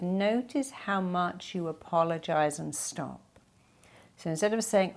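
A woman's voice: fairly low pitch, a little slow, darkish tone. Direct, coaching woman podcast host. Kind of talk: advice podcast answering listener questions.

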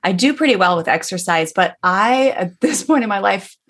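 A woman's voice: medium pitch, expressive, moderate pace, a bit bright, breathy edge. A woman hosting a podcast, speaking in a candid, reflective, casual way. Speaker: podcast host. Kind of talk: casual conversation.

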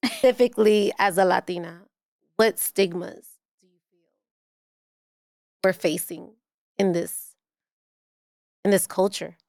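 A woman, hosting a casual interview, quick, emphatic and playful. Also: medium pitch, steady tone, a little mellow, no room sound, studio quality. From Puerto Rican, living in the Bronx. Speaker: podcast host.

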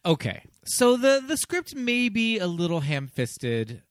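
An animated male podcast host talks through a film with friends, his pitch bouncing up and down as he hedges and jumps between points. The sound is dry and close, with no room around it. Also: measured pace, dry recording. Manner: animated, chatty, hedging with "I mean". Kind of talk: casual movie discussion.

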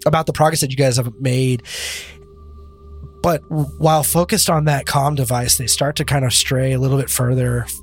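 A man running a tabletop role-playing game, narrating events casually with frequent fillers, with faint music behind him. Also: medium pitch. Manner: casual, laughing often, loose storytelling. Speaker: game master.

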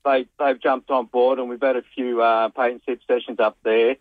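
Laid-back bloke calling in by phone, dry and tinny, chatty and relaxed. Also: male voice, mid-range voice, normal speed, no echo. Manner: easygoing, chatty, repeats words. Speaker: small business owner on phone. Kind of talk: casual radio chat.

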